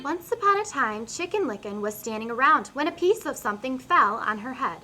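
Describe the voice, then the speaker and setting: A young woman student narrating a silly storybook in a playful, expressive reading style. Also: high voice, fairly quick, soft background music. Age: young adult.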